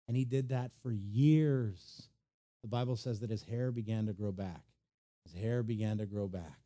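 A man preaching a sermon, retelling a story with animated storytelling and acted-out voices. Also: lowish voice, normal speed. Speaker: pastor.

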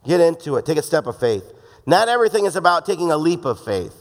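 A man's voice: a little high, sing-song, fast talker. A man preaching a sermon in a casual, joking way, acting out the voices he quotes. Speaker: pastor. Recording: long hall reverb.

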